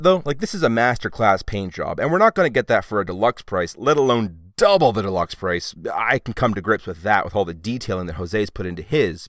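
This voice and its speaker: A man's voice: medium pitch, a bit bright, no room sound, studio quality. A man giving a casual, wry toy review with chatty, sarcastic asides.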